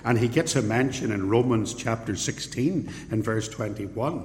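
Northern Irish preacher in a reverberant hall. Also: male voice, medium pitch, moderate pace. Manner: anecdotal storytelling. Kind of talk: expository sermon.

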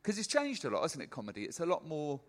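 A man's voice: a little high, huge pitch swings, fast talker. A man hosting a podcast, playfully asking guests questions in casual chat. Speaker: podcast host.

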